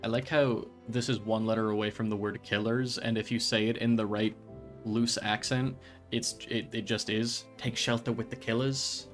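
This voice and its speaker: A man streaming a video game, chatting casually in a rambling, joking way, stumbling over his words and breaking into loud excited bursts. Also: lowish voice, normal speed, soft background music.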